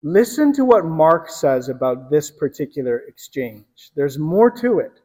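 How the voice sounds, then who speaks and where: Male preacher, dramatic and emphatic storyteller, slow deliberate delivery, long room reverb. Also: on the high side, sing-song. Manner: dramatic storytelling, emphatic, drops to hushed tones. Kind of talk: sermon.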